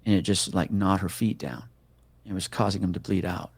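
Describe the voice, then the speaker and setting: A man's voice: sits low, fairly quick, slightly rough, no echo. A middle-aged man, a police officer, telling a story in a casual interview with lots of swearing and acting out the voices of the people in it. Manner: profane, animated, acts out the voices of people in his story.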